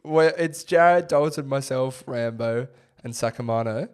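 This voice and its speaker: Young man, Australian accent, podcast co-host, animated storytelling, laughs often, mid pitch. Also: unhurried, clean tone. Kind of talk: casual chat.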